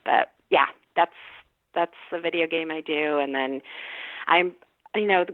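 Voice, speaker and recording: A middle-aged actress chatting as a podcast guest, telling stories and laughing often. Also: female voice, deep voice, steady tone, measured pace, no room sound. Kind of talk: casual podcast chat. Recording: tinny phone-line sound, dry.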